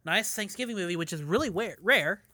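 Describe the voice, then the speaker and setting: Guy rambling about a movie on a podcast, kinda halting, bright sharp voice. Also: sits high, animated, no echo, clean studio sound. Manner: halting, offhand. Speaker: podcast guest reviewer. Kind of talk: casual film chat.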